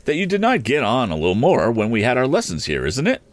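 A man reading aloud, voicing an earnest young man newly made a gentleman, eager and a little condescending. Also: medium pitch, wildly swooping pitch, fast, no echo, pitched above the performer's own voice.

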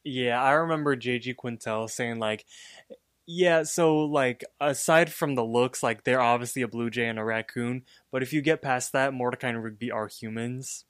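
A man's voice: mid-range voice, moderate pace, clear, resonant tone, dry recording, clean studio sound. A man co-hosting a podcast, casually recapping a cartoon episode with lots of fillers. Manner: relaxed, filler-heavy storytelling. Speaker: podcast co-host.

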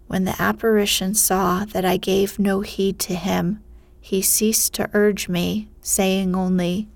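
A woman reading a fairy tale aloud in a soft voice that often drops to a whisper, in whispered storytelling. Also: medium pitch, little pitch movement, takes it slowly, vocal fry, dry recording.

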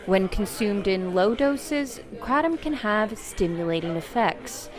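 A woman reporter narrates a scripted news story in a measured, even tone. Her pitch sits at a middle level. Music is clearly audible underneath her voice.

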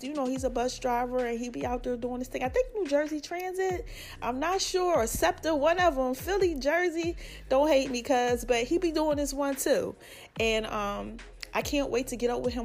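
Animated slangy woman in her forties. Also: fairly high pitch. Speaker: vlogger. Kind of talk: casual shout-outs to family and friends.

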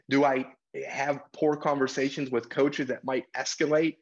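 A man's voice: mid-range voice, flat delivery, normal speed, hardly any pauses, dull audio. A man who works as a basketball referee, speaking earnestly and reflectively as a podcast guest and acting out exchanges with coaches. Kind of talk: podcast interview.

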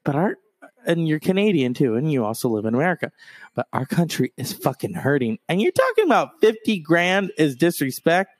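A man hosts a solo podcast from a rural home, his fairly high voice sing-song and a little fast. He chats casually, full of swearing, sarcasm and tangents, with no room sound on the recording.

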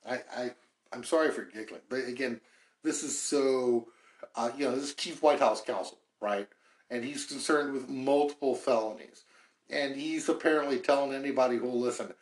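A man's voice: mid-range voice, normal speed. A man hosting a podcast, giving casual political commentary in a chatty, wry way, thinking aloud as he goes. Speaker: podcast host. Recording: roomy echo.

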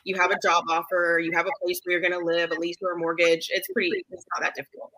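A woman's voice: on the low side, completely flat delivery, quick pace, bright, forceful tone, no echo, rough recording. A woman co-hosting a podcast, explaining things plainly and matter-of-factly in casual chat. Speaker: podcast co-host.

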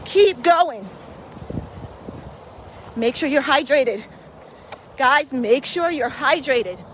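A woman pacing listeners on a brisk outdoor walk in a park, slightly breathy from walking, with encouraging, repetitive coaching cues. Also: high voice, lively intonation, a bit bright, slight background noise, low-quality recording. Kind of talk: motivational workout vlog while walking.

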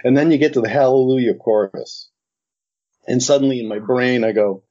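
A man's voice: mid-range voice, a little fast, dark tone. A middle-aged man, an animation director, telling an interview anecdote and acting out both sides of old conversations. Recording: dull lo-fi recording.

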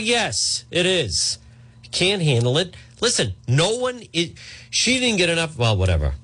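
Combative, husky-voiced male talk radio host. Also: mid-range voice, fairly bright tone. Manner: combative, sarcastic, mocking put-on voices.

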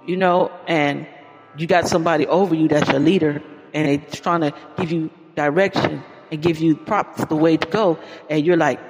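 A man's voice: on the high side, fairly even intonation, moderate pace. A man preaching an informal podcast sermon in a folksy, exclaiming way, often calling out praise. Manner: folksy, exclaims "Lord have mercy" and "Hallelujah". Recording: long reverb with faint music.

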